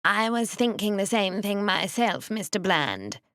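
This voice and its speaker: A woman voicing a dull male post office clerk with a whining nasal voice, speaking slowly and pedantically. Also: medium pitch, expressive, fairly bright tone, dry recording, studio quality, pitched above the performer's own voice. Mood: pedantic. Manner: slow, pedantic, helpful.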